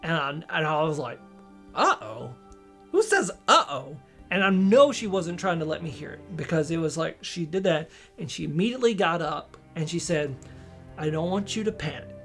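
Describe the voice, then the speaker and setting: A man telling a personal story in a casual, halting way, often restarting sentences and acting out what others said to him. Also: fairly high pitch, vocal fry, soft background music. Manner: halting, with many restarts and quoted dialogue. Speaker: storyteller recounting a personal experience.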